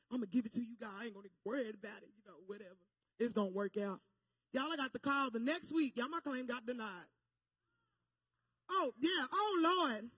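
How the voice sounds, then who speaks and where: A young woman telling a personal testimony as a sermon, talking straight to her listeners and building to loud, fervent preaching. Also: high voice, no room sound, clean studio sound. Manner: animated, repeats "okay?" and "y'all" to the listeners.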